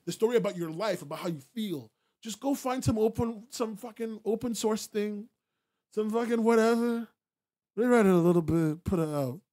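A man's voice: sits high, normal speed, mellow. Blunt, swearing podcast host, man. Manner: blunt and profane, repeats himself for emphasis; laughs often. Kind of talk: casual chat to a live stream audience.

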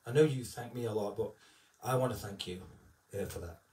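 A man's voice: fairly low pitch, a little fast, a little mellow, echoey room, recorded from a distance, slight background noise. A man working as an entertainer, chatting on a live stream in a heartfelt, rambling way with many fillers. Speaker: tribute entertainer. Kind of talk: casual chat on a live stream.

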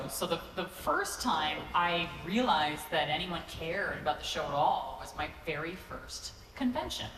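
A woman with a low voice speaks on a convention panel, teasing and self-mocking and quick to laugh. She talks into a handheld microphone, and her voice rings through a big echoey hall with a long tail. Steady crowd noise sits under every word. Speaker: actor answering fan questions on a convention panel. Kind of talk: relaxed, joking panel talk. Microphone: handheld microphone on stage.

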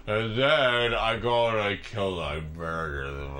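Deep male voice telling an absurd, profane story in a rising rant. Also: steady tone, normal speed, hardly any pauses, sharp tone, a little hiss or hum. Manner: profane, escalating ranting. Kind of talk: absurd rambling comic story.

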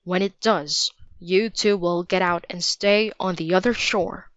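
A woman's voice: on the low side, steady tone, unhurried, clean tone, no echo, dull audio, lightly acted. A woman reading as a stern army general. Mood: commanding. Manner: quiet and stern. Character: stern commanding male general, furious.

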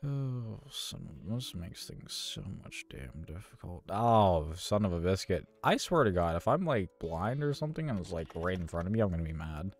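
A man commenting on his own gameplay as he plays, with a gravelly edge to his voice. His pitch swings widely as he mutters to himself in exasperation and slips in mild curses. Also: sing-song, moderate pace, few pauses, soft background music. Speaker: gaming channel host.

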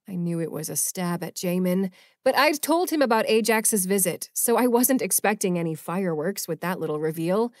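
A woman narrating a paranormal romance audiobook in first person, with a measured, expressive reading. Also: lowish voice, no room sound, clean studio sound.

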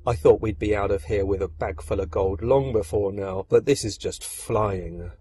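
A man voicing frightened, scheming male tailors who talk in a low, hushed, nervous way. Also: very animated, measured pace, slight background noise.

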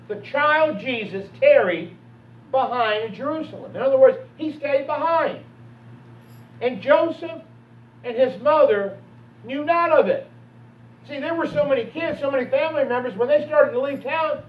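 A man's voice: extremely high pitch, slight background noise. A man pastor preaching a sermon, telling personal stories in a conversational way. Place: church sanctuary. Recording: echoey church hall from a distance, dull.

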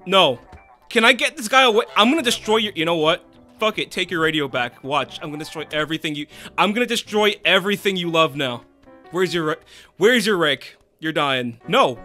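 High, bright, excitable streamer man. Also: fairly quick, faint music behind. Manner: excitable, yells and swears at game characters; rambling anecdotes with frequent restarts. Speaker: game streamer. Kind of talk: casual gameplay commentary.

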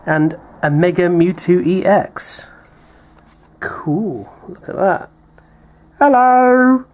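A man's voice: sits high, fairly even intonation, takes it slowly, a little mellow. A British man chatting playfully while opening card packs, reading out names with little laughs. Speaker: card pack opener, co-host. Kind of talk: casual unboxing chat.

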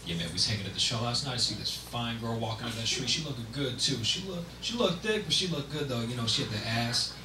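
A man voicing a laid-back, bragging young man in a low, lazy drawl. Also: lively intonation, fast talker, few pauses, close to an everyday voice. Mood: boastful. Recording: roomy, distant, noisy live room.

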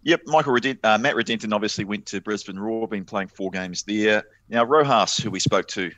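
A New Zealand man co-hosting a football podcast, brisk and opinionated, calling people mate. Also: on the low side, a bit bright, dry recording, lo-fi sound. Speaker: podcast co-host. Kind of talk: casual sports chat.

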